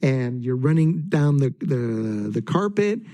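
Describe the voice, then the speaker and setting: Hesitant middle-aged man, mellow voice. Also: medium pitch, sing-song, slow pace. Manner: hesitant, frequent "uh" and restarts. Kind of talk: casual storytelling.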